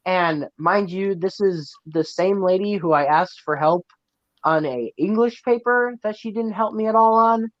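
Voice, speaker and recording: A man's voice: high-pitched, measured pace, fairly bright tone, no room sound, highs cut off. A teenage boy telling a rambling story on a podcast, full of "like" and "right?". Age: teens. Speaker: podcast co-host. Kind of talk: casual storytelling while gaming.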